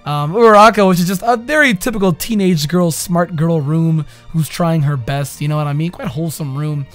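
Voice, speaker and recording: A young man chats through an anime episode review in a casual, slangy way. His voice sits high, and he jumps from loud, excited outbursts to quiet mumbles. Faint music plays underneath. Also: moderate pace.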